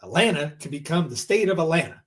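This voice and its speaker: Lively, slightly high-voiced male co-host. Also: fast. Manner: animated, mocking voices in quotes. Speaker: podcast co-host. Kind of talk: casual chat.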